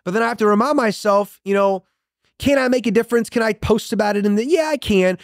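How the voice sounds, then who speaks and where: A man's voice: high-pitched, quick pace, no room sound, clean studio sound. A man in his thirties hosting a motivational show, preaching with punchy emphasis and repeated catchphrases. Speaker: motivational podcast host. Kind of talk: motivational monologue.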